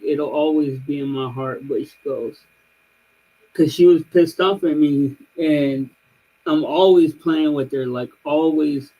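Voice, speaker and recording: A man's voice: fairly high pitch, mellow, low-quality recording. A man in his thirties on a livestream, rambling through a story with lots of fillers and restarts. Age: 30s. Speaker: streamer. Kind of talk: casual chat.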